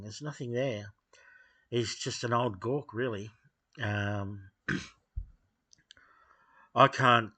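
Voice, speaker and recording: A man talking off the cuff in a blunt, dismissive way, pausing often with fillers as he gives his opinions to camera. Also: on the low side, sharp tone. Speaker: video host giving opinions. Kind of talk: unscripted opinion monologue.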